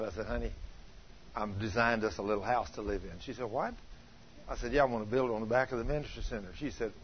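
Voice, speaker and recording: An older man preaching a sermon, telling homey stories and asking the congregation questions, then leading a prayer. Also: mid-range voice. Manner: folksy storytelling, asks the congregation questions. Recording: slightly dull, faint room noise.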